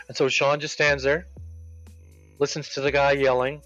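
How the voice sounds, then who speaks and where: A man casually telling a workplace story while streaming a game, quoting people with animated voices. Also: medium pitch, fairly quick. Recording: dull lo-fi with game music.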